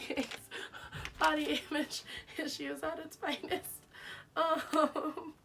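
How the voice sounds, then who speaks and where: High, gravelly young woman, wry. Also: level tone, extremely slow, recorded from a distance. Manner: self-mocking, wry, laughs at herself. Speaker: vlogger. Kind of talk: casual chat, reading old diary aloud.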